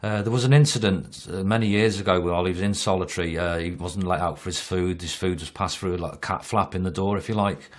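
Deep plain-spoken man. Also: fast, few pauses. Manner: plain-spoken, hesitant fillers. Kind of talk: documentary interview.

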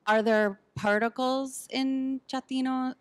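A woman's voice: sits high, steady tone, slow pace. A woman in the audience at an academic conference asking a brief, direct follow-up question.

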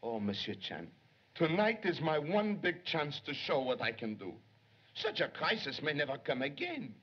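An actor playing an eager, excitable young male police secretary who gets flustered and theatrical, in 1930s film acting. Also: on the high side, moderate pace, husky. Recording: dull lo-fi 1930s film soundtrack.

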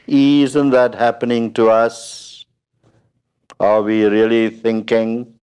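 A man giving a spiritual talk to an audience, telling humorous anecdotes and often pausing to ask "hmm?". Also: on the low side, darkish tone. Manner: storytelling with frequent questioning "hmm?" asides. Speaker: spiritual teacher.

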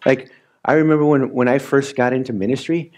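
Midwestern male pastor, conversational and animated sermon, mid-pitched voice. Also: brisk. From Wisconsin, US. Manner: chatty and animated, acts out his own reactions. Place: church sanctuary.

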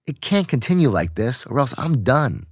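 A man's voice: mid-range voice, big pitch swings, moderate pace, slightly rough, dry recording, studio quality. A man voicing a stressed middle-aged family man at his breaking point, pleading with rising outbursts. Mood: desperate.

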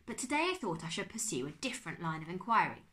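In a storybook read-aloud, a woman plays a middle-aged uncle, excitable and fussy, explaining things in a lowish voice. He exclaims and splutters, his tone rising and falling widely as he lectures and worries.

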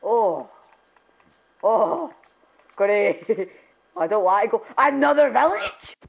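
A woman chatting excitably as she streams a game, laughing often and breaking into loud exclamations. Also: mid-range voice, extremely slow, highs cut off. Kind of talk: casual gameplay chat.

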